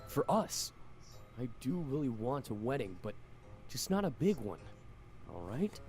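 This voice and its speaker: A woman's voice: rumbling low, big pitch swings, a little slow, darkish tone, faint music behind, voice pushed down, full character voice. A woman voicing an earnest young man who pleads for a small wedding, read aloud from a romance game. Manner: sincere, pleading.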